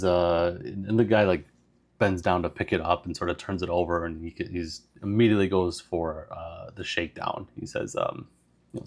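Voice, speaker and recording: A man's voice: deep voice, steady tone, moderate pace. A man casually narrating a solo tabletop game, rambling with lots of fillers. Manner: casual, meandering, full of fillers.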